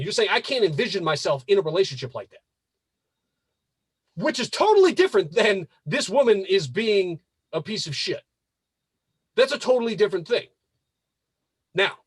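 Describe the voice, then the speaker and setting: A husky man with a dry, close sound, hosting a live advice show. His voice sits high and swings widely as he swears and works himself into disbelief. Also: no room sound. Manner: animated, swearing, rising to incredulous outbursts. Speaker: podcast host. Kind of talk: casual live show commentary.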